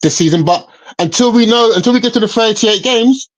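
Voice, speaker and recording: A man's voice: extremely high pitch, fairly quick, poor audio. A man, a guest in a football debate, hesitant and restarting his sentences.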